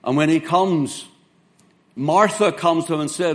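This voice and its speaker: A man delivers a sermon, earnest and emphatic, leaning hard on key words. His voice sits a little high for a man. He quotes scripture in old King James wording. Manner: earnest, emphatic preaching with slow spelled-out words and dramatic quoted lines. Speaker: preacher.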